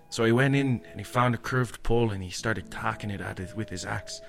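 A man's voice: lowish voice, fairly quick, gravelly, hardly any pauses, soft background music. A man telling a spooky story casually, rambling with frequent "eh" and "like". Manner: rambling, tags lines with "eh" and "like". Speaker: storyteller guest.

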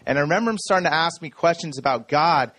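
A man in his thirties giving an energetic, story-driven sermon talk to a room full of people. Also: fairly high pitch, quick pace, no echo. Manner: energetic storytelling, self-described talker. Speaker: speaker. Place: room with audience.

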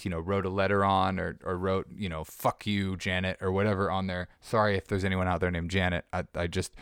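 A man hosting a podcast, chatting loosely and jokily and often restarting his sentences. His voice sits on the low side and sounds smooth and resonant. The studio recording is dry and close. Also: a bit bright, dry recording. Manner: rambling, self-interrupting, jokey. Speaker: podcast host. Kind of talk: casual monologue.

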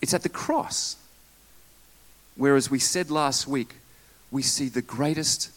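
A man preaching a sermon in church, lively, with asides and jokes to the congregation. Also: mid-range voice. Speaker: pastor.

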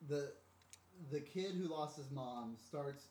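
Guy cracking jokes bout a movie, sounds roomy, a little high. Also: slow pace, darkish tone, distant mic. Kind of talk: casual movie review chat.

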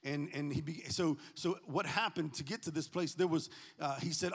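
Joking preacher man, high voice. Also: normal speed, few pauses, husky, long reverb tail. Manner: animated, joking storyteller, swings from loud to hushed. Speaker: pastor. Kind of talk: sermon.

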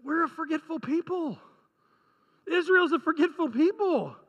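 A man's voice: extremely high pitch, lively intonation, normal speed, a bit bright, in a large hall, highs cut off. A male pastor preaching a conversational sermon, often asking the congregation rhetorical questions.

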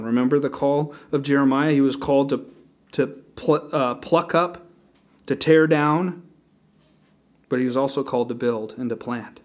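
A man at a middle pitch, teaching through a chapter of scripture in a relaxed, conversational sermon. He thinks aloud, stumbles into restarts and fillers, then slows down to read the verses. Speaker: Bible teacher.

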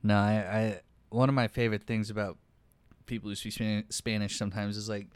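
Laid-back man with a lowish voice. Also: little pitch movement, fairly quick, clear, resonant tone, no room sound. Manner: laid-back, swears casually, laughs at his own stories. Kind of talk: casual chat.

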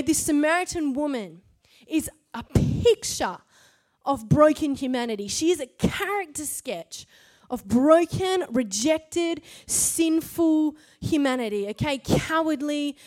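Woman preacher with a high voice, emphatic and rhetorical delivery, church service sermon. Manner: emphatic, rhetorical, punctuates points with "okay?" and "right?".

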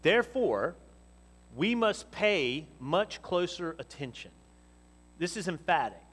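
A man preaching a sermon. He speaks with emphasis, rising to loud exhortation and dropping to quiet teaching. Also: fairly high pitch, lively intonation, measured pace. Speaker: pastor. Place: church hall. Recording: long reverb of a church hall.

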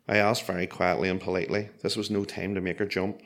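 Brief: man, lowish voice, dry deadpan storyteller, self-mocking comic timing. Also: fast.

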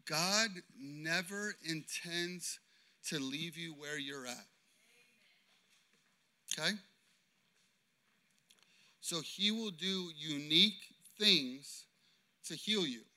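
A man preaching a sermon as pastor, impassioned and swinging between loud declarations and hushed storytelling. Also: fairly high pitch, very slow, long pauses.

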